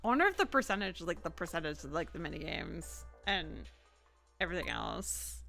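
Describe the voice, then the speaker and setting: A woman's voice: low voice, big pitch swings, normal speed, gravelly, bright, forceful tone, faint music behind. A woman streaming a game casually, rambling and chatting with her viewers. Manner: rambling, chatty, talks to chat. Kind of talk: casual gameplay livestream chat.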